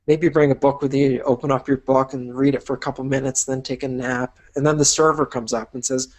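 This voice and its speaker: A man's voice: medium pitch, fast talker, few pauses. Man walking the listener through a dream. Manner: paints vivid imagined scenes for the listener; upbeat and encouraging. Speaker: business instructor. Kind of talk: motivational teaching talk.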